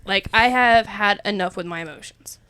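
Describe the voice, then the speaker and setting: A woman's voice: medium pitch, normal speed, sharp tone, smooth. A young woman, rambling and emotional as she opens up in a casual faith chat, laughing often. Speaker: podcast co-host.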